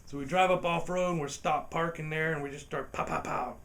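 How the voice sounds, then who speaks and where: A man's voice: on the high side, fairly even intonation, brisk, gravelly, a bit bright. A man telling a true story in a casual comic anecdote, swearing freely, laughing between lines and putting on voices for the people in it.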